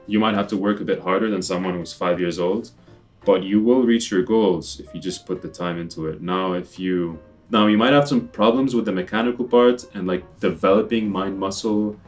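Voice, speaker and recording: A young man answering viewer questions in a casual, joking chat, talking fast and tagging "bro" and "right?" onto his sentences. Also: deep voice, a little mellow. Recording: distant mic with faint music.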